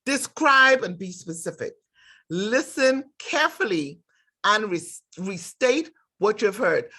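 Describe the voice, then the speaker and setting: A woman's voice: mid-range voice, animated, slow pace, sharp tone. Emphatic woman lecturing nursing students. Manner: emphatic, direct, acts out workplace dialogues. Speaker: nursing instructor. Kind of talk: lecture with acted examples.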